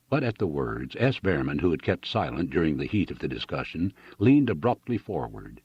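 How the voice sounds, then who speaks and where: A man narrates a novel with expressive, dramatic reading. His voice is low and husky, moving lively up and down. The recording is dry and dull. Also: normal speed, hardly any pauses, no echo. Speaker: audiobook narrator. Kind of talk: scripted narration.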